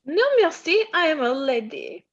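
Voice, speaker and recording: A woman playing a high, coy maid. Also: very animated, moderate pace, highs cut off. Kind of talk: amateur live play reading.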